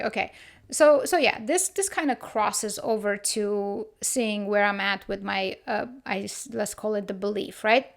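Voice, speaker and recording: A woman hosting a casual solo podcast, thinking aloud with restarts and quick laughs. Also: fairly high pitch. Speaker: podcast host.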